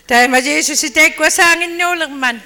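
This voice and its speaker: A high, bright voice interprets a sermon phrase by phrase in quick turns. It echoes the preacher's acting with sudden shouts. Long church-hall reverb hangs on each line.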